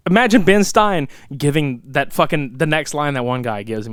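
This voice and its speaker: Another male podcast co-host, animated and profane, laughs often and quotes scenes while casually discussing a movie. He has a fairly high, clean-toned voice and speaks a little slowly, captured in clean studio sound without echo.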